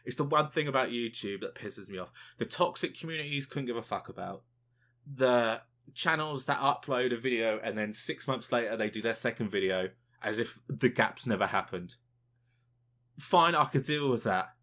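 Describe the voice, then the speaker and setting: A man's voice: medium pitch, normal speed, pushed and bright. A man co-hosting a casual podcast, ranting with lots of swearing and mocking quotes of other people. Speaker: podcast co-host.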